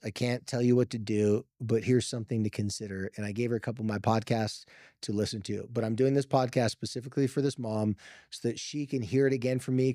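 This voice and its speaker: A man hosting a podcast, retelling a family story in a casual, lively way with filler words and quoted voices. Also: mid-range voice, no room sound, clean studio sound. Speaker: podcast host. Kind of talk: storytelling monologue.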